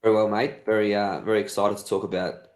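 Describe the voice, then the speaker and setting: Low-voiced man, echoey room. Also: level tone, a little mellow. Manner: hesitant, halting, full of fillers. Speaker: podcast co-host. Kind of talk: casual podcast chat. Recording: roomy echo.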